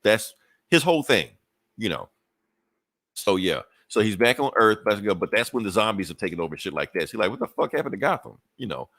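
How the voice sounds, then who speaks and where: A man's voice: on the low side, expressive, fairly quick, a bit bright, no echo. A man casually recapping a comic book on a podcast, swearing freely and acting out the characters' lines. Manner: loose and profane, acts out characters' lines with laughs. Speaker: podcast co-host reviewing comics.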